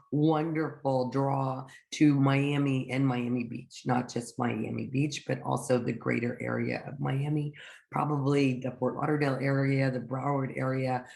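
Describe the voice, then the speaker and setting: Hoarse raspy-voiced woman presenting. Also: a bass voice, a little mellow. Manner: upbeat, chatty, with frequent ums. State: hoarse from the end of a cold. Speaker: guest presenter. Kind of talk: webinar presentation. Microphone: online video call.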